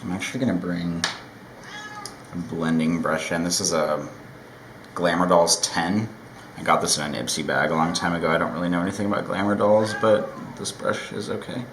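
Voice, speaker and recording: A man with a deep, low voice chats casually through a makeup tutorial, relaxed and rambling, with a self-deprecating streak. He is recorded at home in a roomy, echoey space. A faint noise sits underneath. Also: moderate pace. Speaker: makeup vlogger.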